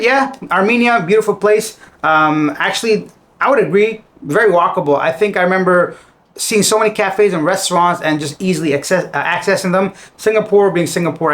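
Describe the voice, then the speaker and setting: A man's voice: high voice, fairly bright tone. A man hosting a casual news commentary channel, reading items aloud and then giving his own chatty opinions.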